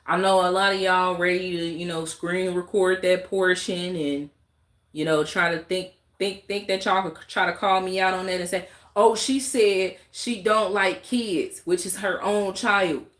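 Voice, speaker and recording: A woman's voice: lowish voice, level tone, normal speed, a bit bright. A woman streaming live, talking in a blunt, exasperated, rambling way to her viewers. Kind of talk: casual live-stream rant. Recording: roomy echo.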